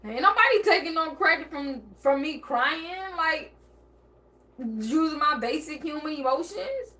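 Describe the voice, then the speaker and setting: Bright, high-voiced woman venting bluntly. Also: animated, unhurried. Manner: blunt and profane, acting out quoted dialogue; emotional, near tears and laughing by turns. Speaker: vlogger. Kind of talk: emotional personal monologue.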